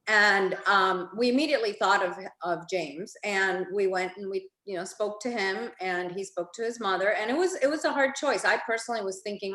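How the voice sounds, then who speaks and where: A woman who runs a foundation, moderating a webinar roundtable and telling a story in a soft, hesitant way with many fillers. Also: medium pitch, normal speed, few pauses, roomy sound. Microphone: video call.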